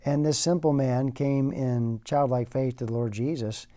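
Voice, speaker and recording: A man's voice: mid-range voice, fairly even intonation, a little slow, warm tone. A man preaching a sermon in a conversational way, often repeating words as he goes.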